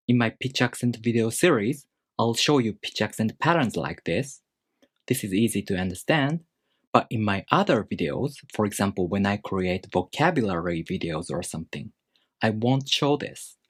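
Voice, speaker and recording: Lively low-voiced male teacher. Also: husky, no echo, studio quality. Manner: deliberate, with spoken pitch demonstrations. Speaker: language teacher. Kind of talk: scripted explanatory lesson.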